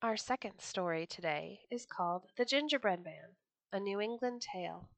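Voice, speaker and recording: A woman reading folk tales aloud for a storytelling podcast, expressive and lively. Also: mid-range voice, normal speed, vocal fry, dry recording.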